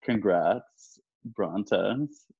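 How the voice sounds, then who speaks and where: A man's voice: on the low side, extremely slow, gravelly, slightly rough, phone-quality sound. A man hosting a podcast, chatting casually and teasing his guest with frequent giggles. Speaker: podcast host. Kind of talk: casual chat.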